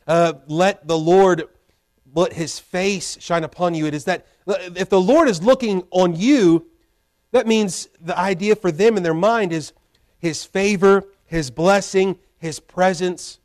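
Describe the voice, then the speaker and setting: High-voiced man preaching a sermon. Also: unhurried, darkish tone. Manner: acts out a pleading voice for quoted prayers; conversational preaching with repeated restarts. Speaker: pastor.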